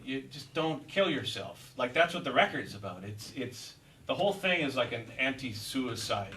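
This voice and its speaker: A man's voice: mid-range voice, distant mic, slight background noise, rough recording. Rambling man at a store guitar clinic. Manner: rambling, animated, laughing, lots of fillers. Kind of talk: casual live talk to an audience. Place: music store in front of a live audience.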